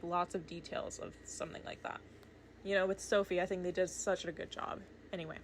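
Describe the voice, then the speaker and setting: A woman's voice: medium pitch, slight background noise. A young woman rambling casually about a film at her desk while drawing, gushing and chatty, with lots of fillers. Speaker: art vlogger. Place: home desk with her cat. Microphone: desk microphone.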